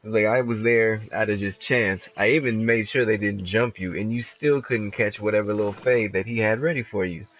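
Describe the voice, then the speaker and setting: A young man casually telling a story while playing a game, animated and profane, full of filler words. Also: lowish voice, normal speed, few pauses, low-quality recording. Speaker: streamer.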